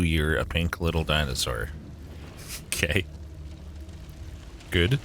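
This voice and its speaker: A man's voice: deep voice, lively intonation, a little slow, long pauses, pushed and bright, a little hiss or hum. A young man streaming a game live, chatting with his viewers, swearing often and joking sarcastically.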